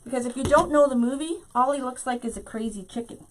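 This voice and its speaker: A woman's voice: high-pitched, quick pace, poor audio. A woman hosting a live craft tutorial, chatting to her viewers directly and laughing often.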